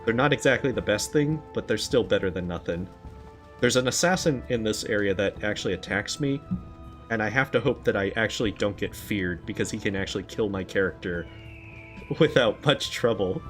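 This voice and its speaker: A man giving casual gameplay commentary, relaxed and rambling, with frequent fillers. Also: on the low side, a little fast, faint music behind. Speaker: gaming channel host.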